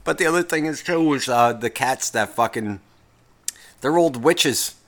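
A man with a mid-range voice rants unhurriedly on his solo podcast, rambling casually. He swears constantly and keeps cutting himself off mid-sentence.

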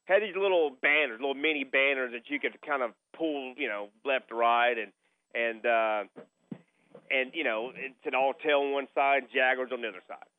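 On his sports radio show, a middle-aged host chats casually and tells a story, going back over the same points as he goes. He speaks at normal speed in a mid-range voice, with phone-like broadcast audio.

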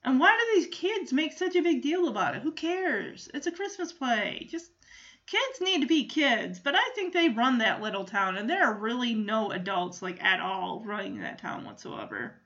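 High-voiced chatty woman recapping. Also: sing-song, normal speed, a bit bright, highs cut off. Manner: chatty, opinionated, lots of fillers. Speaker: commentator. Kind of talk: casual retelling of a cartoon special.

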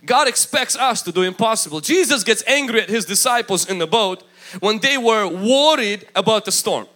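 High, lively, bright-voiced male preacher. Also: moderate pace. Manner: emphatic, acts out quoted voices. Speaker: pastor. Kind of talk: sermon.

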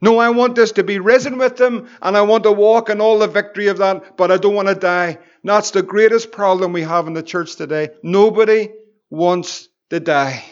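A Northern Irish man, a pastor, preaching a Bible study with fervent exclamations and slow, emphatic repetitions. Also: high voice, fairly even intonation, muffled recording.

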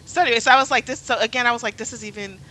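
A woman's voice: a little high, fairly even intonation, very fast, bright, forceful tone, a little hiss or hum, poor audio. A woman in a casual podcast chat, talking bluntly and with open exasperation. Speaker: podcast co-host.

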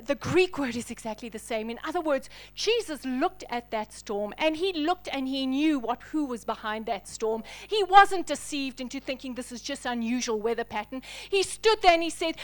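High-voiced woman preaching with fervor. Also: animated, moderate pace, few pauses. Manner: dynamic preaching, swinging from loud declarations to hushed whispers. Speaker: pastor. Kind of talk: sermon.

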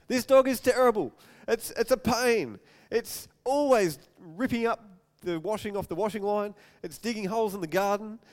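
A man preaching a sermon, telling an animated story and acting out the voices in it. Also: high-pitched, normal speed, hardly any pauses. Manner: animated, acts out scenes with quoted voices.

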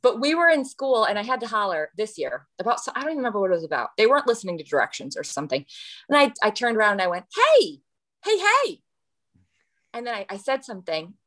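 A woman's voice: medium pitch, racing. A woman who teaches kindergarten, chatting casually as a podcast guest and mimicking her students' voices. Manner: lively, mimics children's voices. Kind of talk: casual chat.

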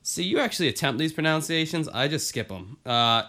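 A man co-hosting a casual podcast talk show rambles and jokes with lots of fillers and restarts, laid-back and swearing casually. His voice is on the high side, sing-song, pushed and bright, at a moderate pace.

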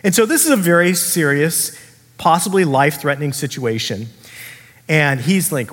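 Man preaching, fairly high voice, husky edge, lively acted-out quotes, long church reverb. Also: normal speed. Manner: conversational, acts out quoted characters. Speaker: pastor. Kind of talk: sermon.

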